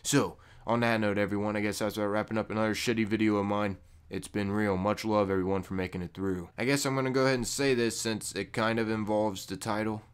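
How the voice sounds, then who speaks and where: Young dude rambling into his mic, kinda deep voice, goofy and jokey, gets loud and squeaky when he's clowning. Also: little pitch movement, quick pace, clear, resonant tone. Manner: loose and jokey, jumps to loud high-pitched bursts when mocking. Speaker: gaming YouTuber. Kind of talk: casual talking-to-camera vlog. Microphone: desk microphone.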